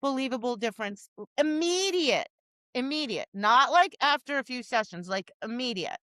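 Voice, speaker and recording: A woman dog trainer co-hosting a podcast, chatting casually. Her voice is bright and a touch high. She tells animated stories full of acted-out quotes, and the close mic sounds dry. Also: normal speed, no room sound. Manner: animated storytelling with acted-out quotes, many restarts. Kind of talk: casual chat.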